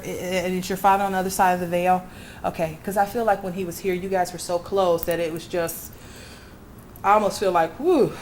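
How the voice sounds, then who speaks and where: A woman medium giving a live reading to an audience member at an expo, reassuring and emphatic, with breathy exclamations. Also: lowish voice, a little hiss or hum. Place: expo hall.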